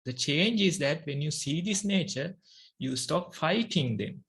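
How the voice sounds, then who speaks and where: Monk, Sri Lankan accent, Sinhala native; slow, gravelly, measured meditation teacher. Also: male voice, on the high side, lively intonation, a bit bright. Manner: slow, measured delivery with long pauses. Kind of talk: meditation talk.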